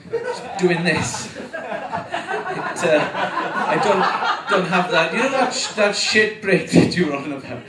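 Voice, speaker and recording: A nervous man in his forties does his first stand-up set in a high, bouncy voice that keeps swinging up and down. He rambles, swears and chuckles at his own jokes. He is picked up from a distance in an echoey room with a faint background hum. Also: big pitch swings, slow pace. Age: 40s. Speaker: first-time stand-up comic. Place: small venue with live audience.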